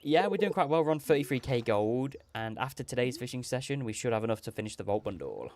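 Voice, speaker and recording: A man's voice: mid-range voice, sing-song, fast talker, a little mellow, slight background noise. A man hosting a gaming livestream, rambling casually, laughing often and correcting himself mid-sentence.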